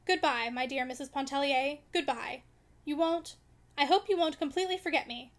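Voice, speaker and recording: A woman voicing a reserved young man in an audiobook reading, speaking quietly and in clipped phrases. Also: high voice, moderate pace, natural voice. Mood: terse.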